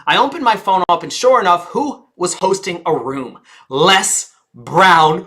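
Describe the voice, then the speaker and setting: A bright, clear-voiced woman teaches speakers in front of a live audience. She is theatrical and engaging, stretching and slowing her words, dropping almost to a hush and pausing for effect. She keeps throwing questions back to the crowd, her voice sitting in a middle pitch. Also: very animated. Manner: theatrical, shifts pace and volume on purpose, dramatic pauses. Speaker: speaking coach.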